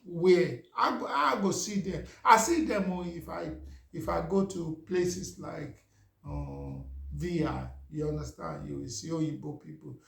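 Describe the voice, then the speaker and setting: Here a Nigerian vlogger in middle age, who speaks Yoruba, tells a relaxed story in a high-leaning, creaky voice. He's animated but unhurried, chatty, and frequently asks "you understand?". There's a roomy echo on the recording.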